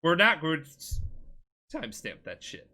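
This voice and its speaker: Tipsy rambling bright-voiced man. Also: fairly high pitch, huge pitch swings, moderate pace. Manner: rambling, profane, giggly. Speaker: podcast host. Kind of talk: casual podcast chat.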